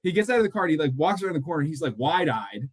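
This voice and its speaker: A man co-hosting a casual podcast, telling stories in an animated way and acting out the voices of people he quotes. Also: fairly high pitch, rapid-fire, husky. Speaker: podcast co-host; mortgage loan officer. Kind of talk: casual chat.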